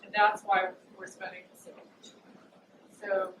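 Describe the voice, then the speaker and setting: A woman's voice: medium pitch, little pitch movement, slow pace. A woman talking casually about astrology, chatty, with many fillers, and acting out quotes. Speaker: astrologer and psychic. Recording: echoey room, distant mic, noisy.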